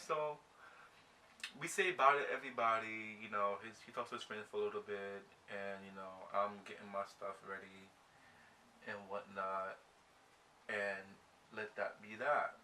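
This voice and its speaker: A young man telling a breakup storytime while getting ready, animated and slangy, acting out his own reactions. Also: on the low side, unhurried, distant mic, a little hiss or hum. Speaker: vlogger.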